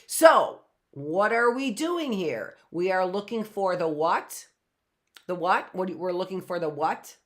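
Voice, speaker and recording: A middle-aged woman teaching a live online phonics lesson, patiently asking questions and slowly sounding words out. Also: on the low side, lively intonation.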